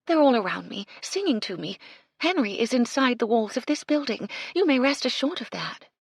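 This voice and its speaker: A woman voicing a mystical, condescending bohemian woman who speaks in drawn-out, mysterious murmurs. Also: a little high, big pitch swings, breathy edge, no echo, studio quality, voice pushed up, full character voice. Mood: eerie.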